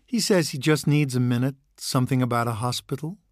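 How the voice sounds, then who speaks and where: A man's voice: mid-range voice, a little fast, no room sound, clean studio sound, pitched above the performer's own voice, lightly acted. A man voicing a polite office secretary speaking over an intercom in a storybook reading.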